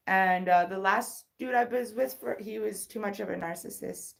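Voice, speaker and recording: A woman's voice: medium pitch, unhurried, vocal fry. A woman in her thirties telling a personal story on a casual livestream, candid and rambling, full of swearing and restarts. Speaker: livestream host.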